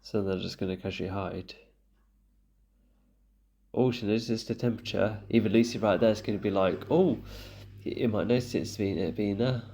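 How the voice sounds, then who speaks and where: A man's voice: fairly low pitch, fairly quick, gravelly, mellow. A man giving casual commentary as he reacts to a TV show, thinking aloud and hesitating with fillers and restarts. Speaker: reaction video host.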